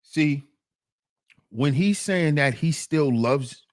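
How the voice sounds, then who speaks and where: A man talks over a clip with lively, swinging pitch and a slightly raised voice. He is emphatic and keeps prodding the listener. The sound is dry and close to the mic. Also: takes it slowly, no echo. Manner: animated, emphatic, repeats "see". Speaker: commentary host. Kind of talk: casual commentary on a video clip.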